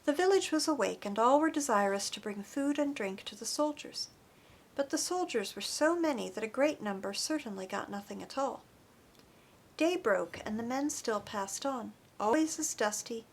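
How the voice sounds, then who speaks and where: A woman reading an audiobook chapter in an earnest, expressive narration. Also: a little high, normal speed. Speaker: audiobook reader. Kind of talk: scripted narration.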